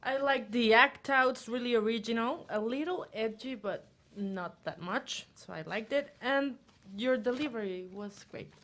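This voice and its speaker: A woman judging a comedy competition, giving slow, measured feedback. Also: a little high, a bit bright. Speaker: judge.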